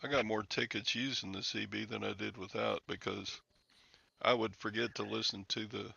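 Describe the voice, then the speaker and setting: Male host, lowish gravelly voice, chatty and rambling, dull dry lo-fi sound. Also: steady tone, normal speed, pushed and bright, no room sound. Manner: chatty, laughs often, rambling anecdotes. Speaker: show host. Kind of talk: casual live-stream chat.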